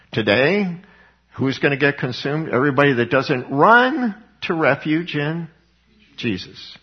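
A husky middle-aged man delivers a sermon in a fervent, conversational way, often doubling back on his words. His voice sits at an ordinary pitch, slightly breathy. The recording sounds dull and lo-fi. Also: animated, measured pace. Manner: fervent, conversational preaching with frequent restarts. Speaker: preacher.

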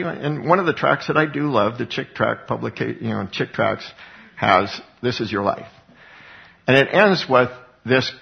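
A man's voice: medium pitch, vocal fry. A man preaching in an earnest, chatty Bible-teaching style, often restarting his sentences. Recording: dull lo-fi sound.

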